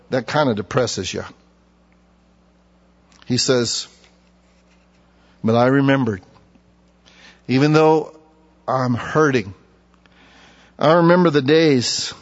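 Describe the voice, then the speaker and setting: Male pastor, folksy sermon delivery with dramatic pauses; dull recording in a reverberant church. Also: medium pitch. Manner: folksy preaching, slows for emphasis, acts out mockers. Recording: dull sound with long reverb.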